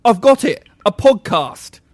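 A meek, one-armed reptile creature shuffles through a job interview, voiced by a man. He sounds sheepish and hesitant, his pitch rising and falling a lot. The sound is dry and close, as in comedy sketch acting. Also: very animated, a little slow, a little mellow, no echo, heavily acted. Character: timid one-armed male reptile-person job seeker.

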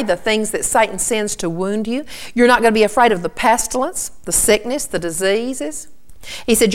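A woman's voice: fairly high pitch, normal speed. Earnest woman teaching scripture. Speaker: Bible teacher. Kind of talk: sermon.

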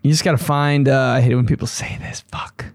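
A young man hosting a podcast, riffing in a casual comedic monologue with crude jokes and sudden shrill put-on voices. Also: quick pace, no echo. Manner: animated, crude, puts on shrill voices for bits. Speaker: podcast host.

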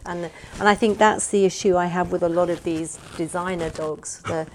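Woman, podcast co-host, earnest casual talk, slightly low pitch, laughs easily. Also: steady tone, normal speed, darkish tone, slight background noise. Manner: earnest, opinionated about dog welfare, laughs readily. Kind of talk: casual chat.

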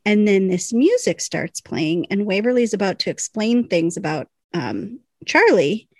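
A woman co-hosting a podcast, retelling a show episode with animated storytelling and acted-out lines. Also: mid-range voice, a little slow, no room sound. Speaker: podcast co-host. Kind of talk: casual recap chat.

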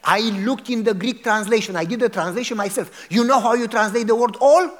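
A pastor with a high-pitched voice delivers a sermon. He tells a story dramatically and keeps turning to the congregation with questions. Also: a little fast.

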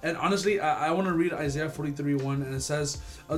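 A young man leading an informal youth Bible study, earnest and animated, often restarting his sentences. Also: on the high side, fast, few pauses, music in the background. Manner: earnest, animated, laughs when excited, many restarts. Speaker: youth group leader.

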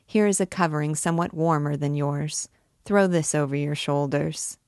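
A woman reading aloud voices a curious, blunt townswoman with a brisk manner. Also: deep voice, fairly even intonation, a little mellow, no room sound, studio quality.

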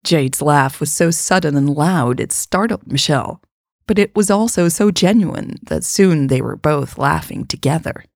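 A woman reads a story aloud at a measured, even pace. Her voice is low, with a gravelly edge. It sounds husky and close, in a dry room with no echo. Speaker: narrator. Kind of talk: scripted story narration.

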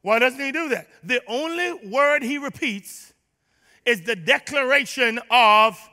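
High, bright-voiced preaching man. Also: animated, unhurried, big-room sound. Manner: emphatic preaching that swings from shouting to low asides; calls on the congregation to respond. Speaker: pastor. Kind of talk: sermon. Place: church sanctuary.

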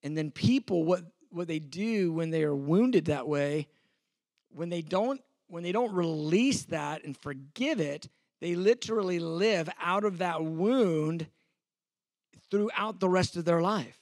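A man's voice: on the high side, measured pace, darkish tone, dry recording, studio quality. A man in his fifties, a pastor, teaching a sermon in a conversational, self-deprecating way, acting out the exchanges he quotes.

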